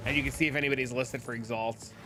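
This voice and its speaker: A man streaming a video game, rambling and thinking out loud as he talks through builds. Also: mid-range voice, fairly even intonation, quick pace, loud music behind the voice. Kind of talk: casual gameplay commentary.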